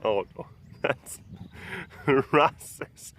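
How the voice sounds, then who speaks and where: A man's voice: on the low side, lively intonation, slow pace, a bit bright, slight background noise. A man working as a big cat caretaker, chatting casually and playfully to the cats and the camera, teasing them, laughing often and using baby talk. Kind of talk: casual chat to animals and camera.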